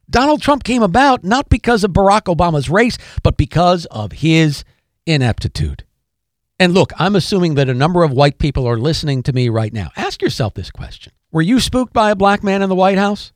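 A man's voice: sits high, no echo, clean studio sound. A man hosting a podcast, delivering an emphatic political commentary monologue, repeating key phrases and addressing listeners directly. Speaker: podcast host.

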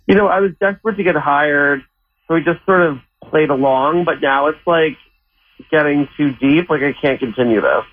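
A man's voice: a little high, moderate pace. Sheepish man on a tinny phone line. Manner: sheepish, rambling. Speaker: caller. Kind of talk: phone-in confession.

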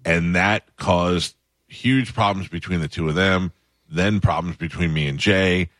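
A middle-aged male radio host with a very low voice, telling stories at an easy, conversational pace. The sound is dry and close, straight from the studio mic. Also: measured pace, a bit bright, no room sound. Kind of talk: casual radio chat.

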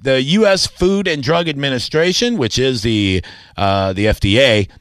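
A man's voice: medium pitch, moderate pace, a bit bright, clean tone, no room sound, clean studio sound. A man hosting a radio show, bantering and reading odd news stories in a loose, teasing way. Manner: joking, teasing, reads news items loosely. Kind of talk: casual morning radio banter.

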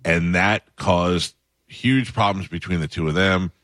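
A man's voice: sits low, unhurried, fairly bright tone, no room sound, clean studio sound. A man hosting a radio talk show, chatting in an easygoing way. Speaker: radio host. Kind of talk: casual radio chat.

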